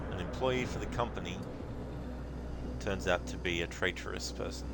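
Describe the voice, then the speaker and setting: Deep-voiced man joking through a stream. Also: moderate pace, creaky, long pauses, noisy background. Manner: joking, chatty, reads chat aloud. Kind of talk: casual stream commentary.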